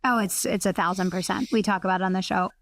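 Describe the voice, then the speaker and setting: A woman hosting a podcast, asking long rambling questions and giving quick affirmations. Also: mid-range voice, steady tone, no room sound. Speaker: podcast host. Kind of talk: casual interview chat.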